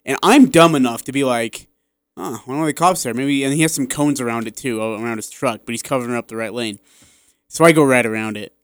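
Tired, animated male radio co-host. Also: mid-range voice, smooth, dry recording, studio quality. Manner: animated storyteller who acts out dialogue. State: tired, running low on energy. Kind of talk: casual sports talk radio chat. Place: radio studio.

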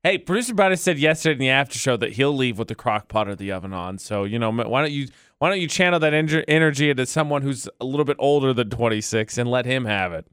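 A man co-hosting a casual radio show from a studio mic, playful and quick to laugh. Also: mid-range voice, expressive, fairly bright tone, clear, resonant tone, dry recording. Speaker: radio co-host. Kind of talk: casual morning radio banter. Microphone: studio microphone.

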